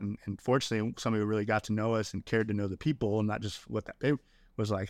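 Appearing as a guest on a podcast, a middle-aged man talks candidly, earnest and emotional, frequently throwing in "man" and "dude." His fairly low voice barely moves in pitch, he talks fast, and the recording is dry.

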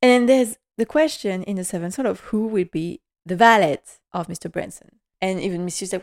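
A woman's voice: mid-range voice, fairly quick, few pauses. A young woman casually recapping a TV episode, chatty and gushing, acting out bits of dialogue as she goes. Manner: chatty and gushing, acts out quotes, laughs often. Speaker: TV series recap vlogger.

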